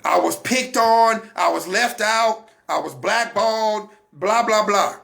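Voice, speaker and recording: A man's voice: high-pitched, slow, vocal fry, pushed and bright. A man giving a Christian teaching talk, emphatic and repetitive, coaching his listeners directly. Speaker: broadcast minister.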